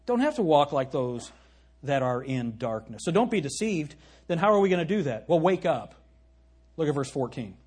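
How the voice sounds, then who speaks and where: A man's voice: fairly high pitch, big pitch swings, normal speed, a little mellow, slightly rough. A male pastor preaching an emphatic sermon, asking his congregation questions and reading scripture aloud.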